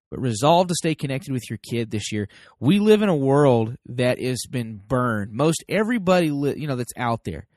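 A man's voice: on the high side, no echo, clean studio sound. An American man hosting a parenting podcast, giving an emphatic motivational talk to his listeners and acting out both sides of little everyday dialogues. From United States.

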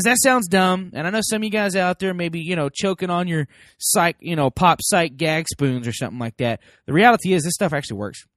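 Lively, folksy man with a dry sound. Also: a little high, no room sound. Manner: animated, folksy, acts out quoted voices. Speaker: parenting podcast host. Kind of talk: casual talk to listeners.

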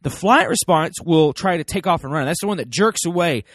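Lively, folksy man with a dry sound. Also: on the high side, fairly quick, no echo. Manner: animated, folksy, acts out quoted voices. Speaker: parenting podcast host. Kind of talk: casual talk to listeners.

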